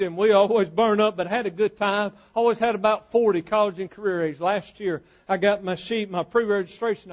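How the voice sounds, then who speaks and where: High-voiced preacher. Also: male voice, highs cut off. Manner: swings from quiet storytelling to loud, drawn-out preaching. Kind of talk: sermon with storytelling.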